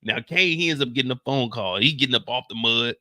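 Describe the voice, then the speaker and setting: This commentator runs through a TV episode in a quick, mid-range voice, slangy and funny, acting out each scene with animation. It's recorded at studio quality with no echo.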